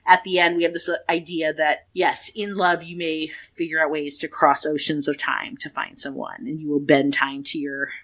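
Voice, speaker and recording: A woman's voice: low voice, level tone, normal speed, few pauses, a bit bright. Chatty, profane woman co-host. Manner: chatty, profane, rambling with fillers. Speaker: podcast co-host. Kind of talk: casual chat.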